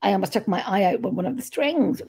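A woman with an Irish accent hosting a casual chat, telling stories in an animated way on a video call. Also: medium pitch, fast talker, slightly rough. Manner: chatty storyteller, animated retelling. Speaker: host.

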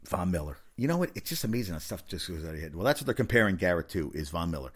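A man hosting a casual sports talk monologue, animated and given to incredulous outbursts, repeating words when worked up. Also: deep voice, very fast, slightly rough.

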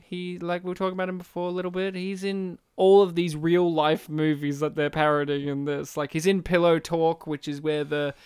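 A man's voice: on the high side, level tone, fairly quick, hardly any pauses, a little mellow, clear, resonant tone, dry recording, studio quality. A man co-hosting a casual film chat podcast, chatty and laughing often, with many fillers. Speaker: podcast co-host.

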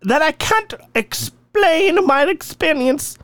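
A man putting on an Irish woman's voice with an Irish accent, reading accounts of fairy meetings in a slow, lilting storyteller manner. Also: very high voice, expressive, fairly bright tone, dry recording, full character voice. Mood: heartfelt. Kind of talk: reading listener stories aloud.

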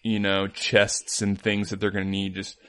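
Guy cohosting a podcast, kinda low voice, rambly goofy stories, lots of likes. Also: monotone, normal speed, a bit bright. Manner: rambling, playful storytelling with many "like"s. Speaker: podcast co-host. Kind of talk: casual chat.

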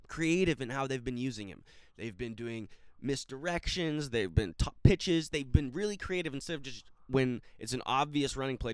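Give me a young man ranting on his sports podcast, smooth and clear, dry close sound. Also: no room sound. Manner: ranting, swearing, rising to near-shouts when angry; calmer, lower-key recap talk. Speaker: podcast host. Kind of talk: solo sports podcast commentary.

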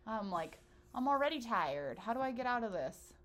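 A woman's voice: fairly high pitch, sing-song, normal speed, a bit bright. A woman in her early thirties co-hosting a podcast, telling stories in loose casual chat with lots of laughing and swearing. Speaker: podcast co-host.

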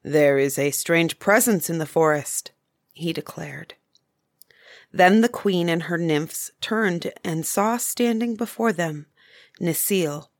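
A woman narrating a bedtime story, softly and unhurried. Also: on the low side, gravelly, no echo, clean studio sound.

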